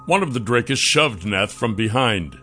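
Male narrator, bright clear tone, lively pitch, slow measured reading, faint music behind. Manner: measured, expressive storytelling. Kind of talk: scripted audiobook narration.

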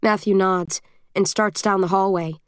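Dry, steady woman audiobook narrator. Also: medium pitch, unhurried, clean tone, no room sound. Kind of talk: first-person audiobook narration.

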